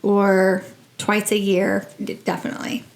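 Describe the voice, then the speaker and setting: A woman from New Jersey hosting a podcast in casual chat, sassy and quick, laughing often and a little tipsy from tequila shots. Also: medium pitch, completely flat delivery. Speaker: podcast host.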